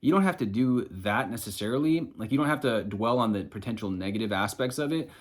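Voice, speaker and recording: A man's voice: on the low side, expressive, brisk. A man coaching viewers on manifestation in a loose, chatty way, swearing casually. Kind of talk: casual self-help explainer.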